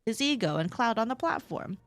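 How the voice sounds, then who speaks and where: A woman's voice: on the high side, big pitch swings, brisk, no room sound, faint music behind. A woman narrating a commentary video, opinionated and storytelling.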